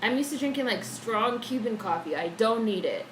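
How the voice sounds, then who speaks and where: A woman's voice: a little high, animated, moderate pace. A woman chatting casually on a live stream, swearing freely and reading out viewer messages from home. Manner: chatty, swears freely, reads chat aloud. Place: home room, indoors. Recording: echoey room with faint background noise.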